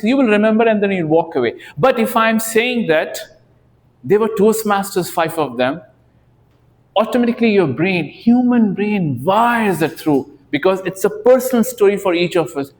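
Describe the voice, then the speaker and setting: A man's voice: high voice, animated, long reverb tail. Man giving a club speech, rhetorical. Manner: rhetorical questions, deliberate emphasis on key words. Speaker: club speaker.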